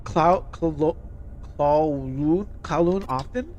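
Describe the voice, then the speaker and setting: A man's voice: on the high side, takes it slowly, darkish tone, slight background noise. A young man streaming a game, chatting casually and reading game text aloud, often stumbling and restarting words.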